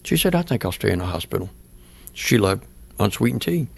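Gravelly older man telling his story. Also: fairly low pitch, very animated, a little fast, a little mellow. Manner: plain-spoken, earnest, acts out remembered dialogue. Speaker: pastor. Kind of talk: personal storytelling in an interview.

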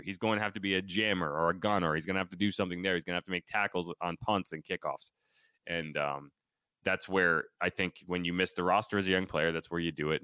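A man with a low, bright and crisp voice co-hosts a casual sports podcast. He banters in a joking, sarcastic way. The sound is close and dry. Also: dry recording. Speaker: podcast co-host.

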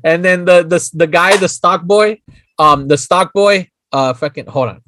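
A man's voice: sits high, measured pace. A man co-hosting a casual podcast, laughing often, swearing and stumbling for words. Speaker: podcast co-host. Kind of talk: casual chat.

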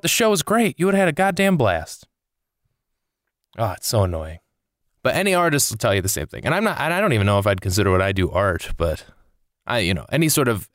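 A young man delivers a loose, rambling comic rant into a close microphone, swinging between exasperation and easygoing asides. His voice is smooth and resonant, and the recording is dry with no room sound around it. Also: on the low side, no echo. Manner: exasperated ranting, swearing, rambling. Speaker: comedian podcast host. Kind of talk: casual comedic monologue.

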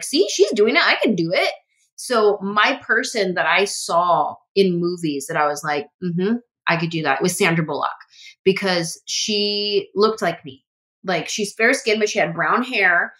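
Woman comedian, podcast guest, animated anecdotes with voiced quotes. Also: medium pitch. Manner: animated storytelling, acts out quotes. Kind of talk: casual interview chat.

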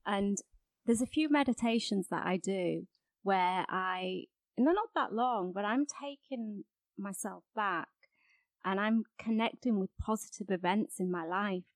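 A woman hosting an interview, speaking gently and reflectively, often trailing off softly. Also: medium pitch, a little slow, no room sound. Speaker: host.

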